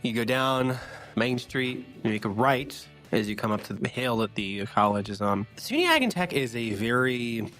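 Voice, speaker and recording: A man's voice: medium pitch, lively intonation, normal speed, a bit bright, faint music behind. A man narrating as game master of a tabletop game, rambling with lots of fillers.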